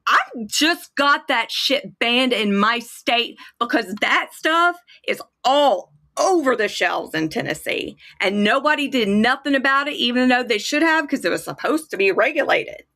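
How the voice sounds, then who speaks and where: A woman's voice: a little high, expressive, measured pace, hardly any pauses, bright, forceful tone. A woman angrily venting in casual chat, profane and worked up. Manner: angry, profane ranting. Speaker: kratom advocate on a livestream.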